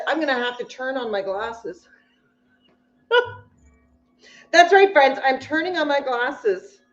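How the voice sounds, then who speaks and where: A woman with a high voice talks slowly and warmly to her live-stream viewers from her kitchen, bubbly and quick to laugh. The sound is dull and lo-fi, and it rings around an echoey kitchen. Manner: bubbly, chatty, breaks into laughter. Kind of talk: casual live-stream chat. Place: home kitchen.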